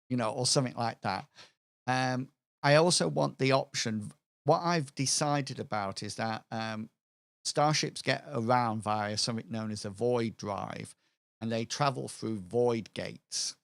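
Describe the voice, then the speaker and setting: A man's voice: mid-range voice, a little slow, gravelly, fairly bright tone, no room sound. A man on a livestream planning a tabletop campaign, talking hesitantly as he brainstorms ideas. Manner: hesitant, full of fillers and restarts while brainstorming. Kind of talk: thinking-aloud worldbuilding livestream.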